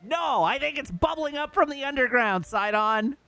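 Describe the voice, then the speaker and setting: High lively man chatting over gameplay. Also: moderate pace, dry recording, faint music behind. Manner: playful, teasing, reads chat aloud, laughs often. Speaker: streamer playing a video game. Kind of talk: casual let's-play commentary.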